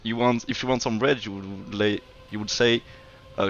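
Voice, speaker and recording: A man's voice: lowish voice, steady tone, fairly bright tone, muffled recording. A man from France with a French accent, co-commentating a game and sometimes searching for his English words. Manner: slow, searching for words, laughing. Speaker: esports co-caster. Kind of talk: casual co-commentary.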